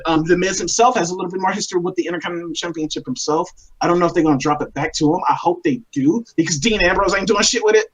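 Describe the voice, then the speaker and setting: A man co-hosting a wrestling reaction show in relaxed, profane chat, now and then breaking into laughing high exclamations. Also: very fast, few pauses, husky, poor audio. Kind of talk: casual chat.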